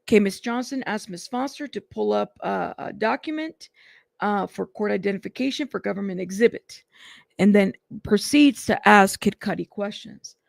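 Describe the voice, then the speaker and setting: A woman's voice: mid-range voice, moderate pace, gravelly, no room sound, clean studio sound. A woman hosting a news channel, reading court testimony aloud steadily with small fillers.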